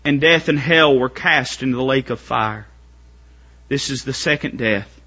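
A man preaching a sermon to his congregation, building up to shouted, strained pleading climaxes. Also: medium pitch, measured pace, husky, lo-fi sound.

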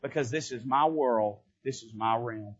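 A proud, sly devil, as a preacher puts him on, speaking low and hushed with a gloating edge. It sits well below his usual pitch and comes through a dull, lo-fi sermon recording. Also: a little slow, slightly rough.

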